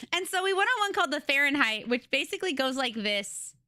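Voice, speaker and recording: A young adult woman livestreamer chatting casually with her audience, excitable and giggly as she tells stories. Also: high-pitched, brisk, no room sound, clean studio sound. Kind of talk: casual chat with a live audience. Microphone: desk microphone.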